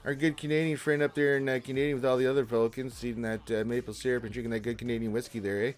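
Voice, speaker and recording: A man hosting a casual gaming livestream, greeting viewers by name and answering chat questions in a jokey, animated way. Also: medium pitch, racing. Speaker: livestream host reading chat.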